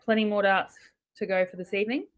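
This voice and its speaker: An Australian woman co-commentating live darts, briskly running through results and laughing along with her partner. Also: medium pitch, a loud crowd.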